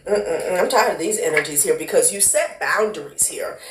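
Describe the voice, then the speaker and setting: A woman's voice: lowish voice, lively intonation, normal speed, a little hiss or hum. A woman doing a casual tarot reading, blunt and profane, who calls the listener honey and child. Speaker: tarot card reader. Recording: echoey room.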